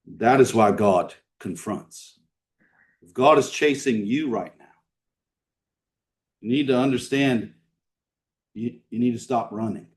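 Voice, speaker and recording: A man's voice: medium pitch, slow pace, pauses often. Man preaching a conversational sermon from a distance. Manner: conversational preaching with rhetorical questions, swinging between emphatic and hushed. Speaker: pastor. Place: church sanctuary.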